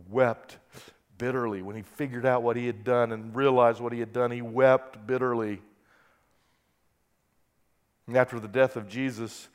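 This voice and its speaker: A man preaching a sermon who reads scripture aloud and swings from quiet, soft passages to loud, impassioned peaks. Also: mid-range voice, clear, resonant tone. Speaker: pastor.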